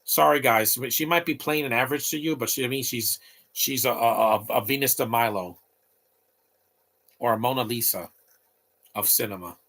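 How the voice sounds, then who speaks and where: A man's voice: medium pitch, moderate pace, long pauses, fairly bright tone. A man in his late thirties giving opinionated, rambling live commentary over a movie, talking back at the screen. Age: late 30s.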